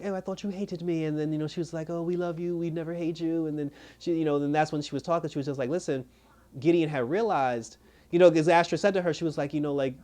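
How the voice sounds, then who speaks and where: A man's voice: fairly high pitch, a little mellow. A man reviewing a TV episode in a rambling, casual recap, acting out the characters' lines as he retells them. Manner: rambling retelling, acts out quoted dialogue. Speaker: TV show reviewer.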